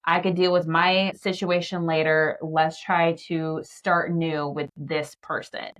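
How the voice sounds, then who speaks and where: Deep-voiced woman host, set back from the mic. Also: little pitch movement, takes it slowly, a bit bright. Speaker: podcast host. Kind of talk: casual interview chat. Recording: distant from the mic.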